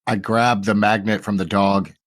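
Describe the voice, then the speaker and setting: A man's voice: lowish voice, little pitch movement, normal speed, no room sound, studio quality. A man in his forties playing a tabletop game, hesitant and questioning. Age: 40s. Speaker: player. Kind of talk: tabletop role-play.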